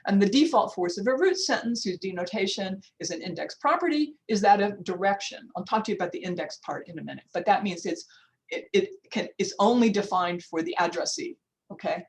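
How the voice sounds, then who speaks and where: Over a video call, an older linguistics professor from the United States gives a workshop talk in an academic lecture style that's informal and chatty. She restarts often, adds asides and checks the time out loud. Her mid-range voice is expressive and a bit fast, and the recording is rough.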